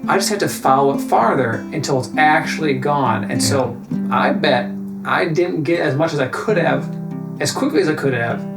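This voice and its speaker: A man's voice: on the high side, animated, normal speed, creaky, echoey room, loud music behind the voice. A man treating a patient, joking and reassuring in casual talk.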